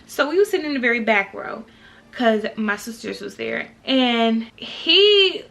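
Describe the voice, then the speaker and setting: A young woman telling a storytime to her viewers in a casual, animated, exasperated way. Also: on the high side, unhurried, vocal fry. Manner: animated, talks to viewers directly; exasperated, incredulous. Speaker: vlogger.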